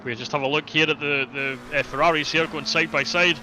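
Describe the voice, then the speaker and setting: A man's voice: a little high, steady tone, quick pace, sharp tone, slight background noise. A man co-commentating on an online sim race, with dry, teasing humour and mock outrage.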